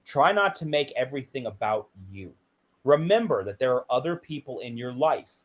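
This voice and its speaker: Lively, animated man telling stories. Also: moderate pace. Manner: animated, acts out quoted dialogue with big pitch jumps. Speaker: guest. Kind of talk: candid interview storytelling.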